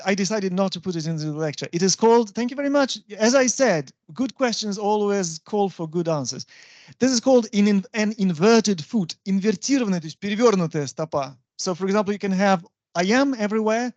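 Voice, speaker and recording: A university lecturer, explaining patiently and often checking understanding with a quick "right?". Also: medium pitch, expressive, darkish tone, no room sound. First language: Russian. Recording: dull, dry lo-fi recording.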